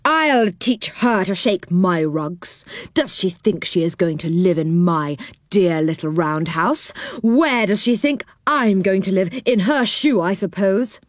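A woman's voice: medium pitch, expressive, a little slow, dry recording, clean studio sound, natural voice. A woman doing hot-tempered round-faced Moonface. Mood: indignant. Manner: indignant, exclaiming. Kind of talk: storybook read-aloud.

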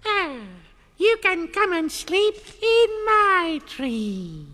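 A teeny matchstick-sized tree goblin with a very high, thin little voice, speaking slowly and brightly, as a woman acts him out. He sounds friendly and eager in a children's storybook, over background music. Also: sing-song, heavily acted. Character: tiny cheerful male tree goblin.

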